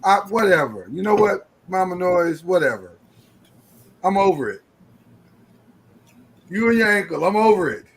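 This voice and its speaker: A man's voice: high-pitched, expressive, normal speed, long pauses, husky, low-quality recording. A tired man co-hosting a podcast, ranting and joking in casual chat. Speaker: podcast co-host.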